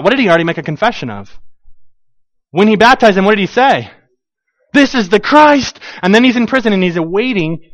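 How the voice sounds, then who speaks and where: A man preaching a conversational sermon as a pastor, animated, acting out quoted voices with frequent restarts. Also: sits high, low-quality recording.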